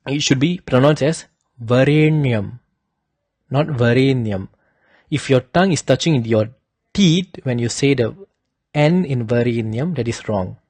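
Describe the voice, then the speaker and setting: A man slowly giving a lesson, carefully demonstrating correct pronunciation. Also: medium pitch, a little mellow, slightly rough, dry recording. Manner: slow and deliberate, demonstrating pronunciations. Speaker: teacher of Vedic chanting. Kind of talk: instructional talk.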